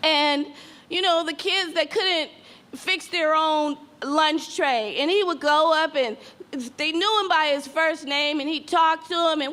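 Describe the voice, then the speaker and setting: A woman with a high voice speaks to a gathering about a painful loss. She is heartfelt and tries to stay composed. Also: a little slow, bright, forceful tone. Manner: tearful at times, heartfelt, fighting to stay composed. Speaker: grieving mother speaking at a public meeting. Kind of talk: emotional public statement.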